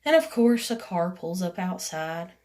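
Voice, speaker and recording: A woman's voice: on the low side, lively intonation, unhurried, darkish tone. Rambling woman telling her story. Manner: rambling, full of "you know" and "like", acts out others' lines. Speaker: vlogger. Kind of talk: casual personal storytelling.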